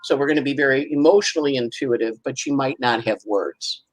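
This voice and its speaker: A woman's voice: extremely low pitch, brisk, poor audio. A woman astrologer, a guest, chatting casually through a weekly forecast and acting out little voices and sounds as she goes.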